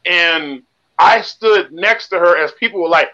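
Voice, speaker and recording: A man with a bright, forceful and fairly high voice, animated as he leads a mock therapy session in a comedy sketch. The recording sounds dull and lo-fi. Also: measured pace. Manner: animated, mimics others in a high camp voice. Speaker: comedian acting a group therapist.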